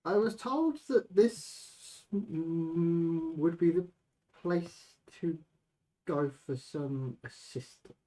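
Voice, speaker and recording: Hesitant man playing his character slowly. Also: fairly high pitch, dark tone, low-quality recording. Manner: hesitant, halting. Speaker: player.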